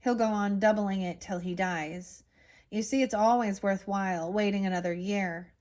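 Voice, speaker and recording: A woman's voice: medium pitch, fairly even intonation, moderate pace, darkish tone, lightly acted. A woman reading aloud as an absent-minded old male professor, cheerful and rambling.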